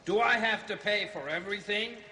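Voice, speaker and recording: A man's voice: high voice, brisk, bright, forceful tone, reverberant, long reverb tail. An actor playing a mild male sidekick who reads out letters in a plain manner.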